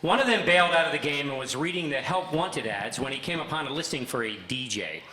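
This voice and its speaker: A man's voice: lively intonation, a little fast, bright, forceful tone. Older man telling funny stories in an echoey hall. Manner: bursts into a booming fake DJ voice for jokes. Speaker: speaker giving a short stage talk. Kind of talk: humorous storytelling talk. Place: large hall with audience. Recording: echoey hall with long reverb.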